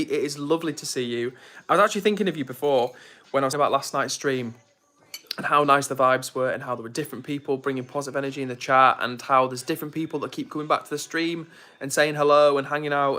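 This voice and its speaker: Young male streamer, casual and chatty, bright voice, mid pitch. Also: quick pace. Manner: chatty, reads viewer comments aloud. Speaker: live streamer. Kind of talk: casual live-stream chat.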